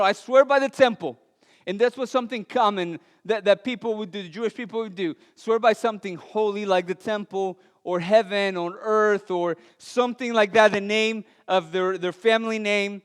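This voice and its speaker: Preaching in a church sanctuary, this male pastor speaks non-native English with a Latin American accent and has a clear, resonant tone. He tells stories earnestly, adds gentle jokes at his own expense, and lowers his voice softly on serious points, all under long church-hall reverb.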